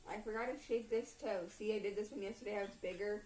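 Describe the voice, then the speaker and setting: A woman chatting casually with her sister, teasing in quick banter. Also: medium pitch, steady tone, a little mellow, echoey room, rough recording. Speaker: family member. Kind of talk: casual chat.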